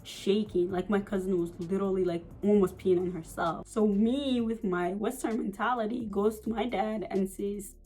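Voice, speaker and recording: A young woman from the United States telling a dramatic personal story in a story-time vlog. She talks in an animated, profane rush with constant fillers, at an ordinary middle pitch. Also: moderate pace, hardly any pauses, poor audio. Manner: animated, profane, many "like" and "you know" fillers. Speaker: vlogger.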